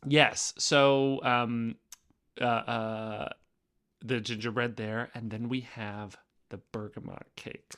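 Chatty guy, bright crisp voice. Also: medium pitch, flat delivery, takes it slowly. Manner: chatty, lots of fillers and restarts. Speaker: podcast co-host. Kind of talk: casual chat.

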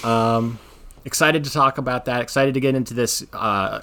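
A young man hosting a movie podcast in casual, animated chat, laughing often. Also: medium pitch, normal speed, clear, resonant tone. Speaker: podcast host.

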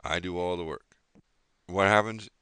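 A man's voice: sits low, steady tone, moderate pace, pushed and bright, smooth, no echo. A man hosting a casual podcast at home, sarcastic and grumbling, swearing often. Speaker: podcast host. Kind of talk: casual chat.

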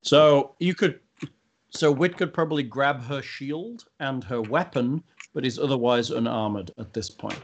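Man, game master, tabletop game, questions players, narrates scenes, mid pitch. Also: measured pace, a little hiss or hum.

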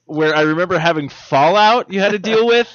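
A man's voice: high voice, fairly quick, a bit bright, clean tone, dry recording, muffled recording. Man telling stories in casual chat. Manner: storytelling, laughing, acting out quotes.

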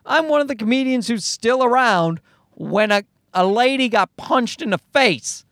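Animated Newfoundland man with a high voice. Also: unhurried, dry recording, studio quality. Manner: rambling, profane, self-mocking storyteller. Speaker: comedian and podcast host. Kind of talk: casual solo podcast monologue.

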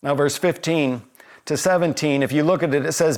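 A man from Canada delivers a sermon in a fairly high voice for a man. He is earnest and leans on rhetorical questions, slowing down when he reads passages aloud. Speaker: pastor.

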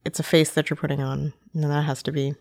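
A woman's voice: low voice, level tone, fast, gravelly, darkish tone. A woman co-hosting a casual conversation, speaking reflectively and hesitantly with repeated restarts. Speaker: podcast co-host.

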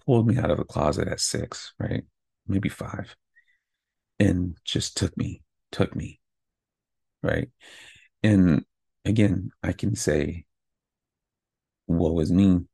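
Male podcaster, a father, gravelly low voice with a husky edge, close dry mic, motivational and candid. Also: takes it slowly, long pauses, warm tone, dry recording. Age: adult with kids. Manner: candid, pumped-up self-talk with frequent "right?". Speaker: podcast host.

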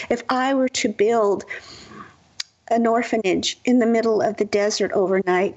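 A woman voicing a calm, patient divine spirit who speaks slowly and gently. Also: mid-range voice, breathy edge, low-quality recording.

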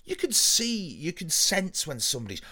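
A man telling stories in a casual podcast chat, animated and sweary. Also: on the high side, normal speed. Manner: animated storytelling with lively swearing. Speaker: podcast co-host.

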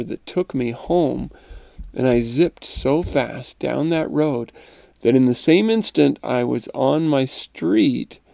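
A narrator and podcast host, an adult parent with a gravelly, mellow, medium-pitched voice, reads a first-person account aloud in a calm, measured way, then comments on it with chuckles and conversational ease. The studio-quality recording has no echo.

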